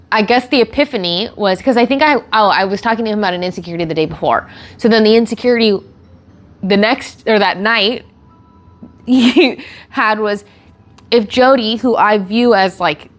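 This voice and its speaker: A young woman streamer chatting casually with her chat and telling an animated story, full of laughter and filler words. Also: medium pitch. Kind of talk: casual chat answering chat questions.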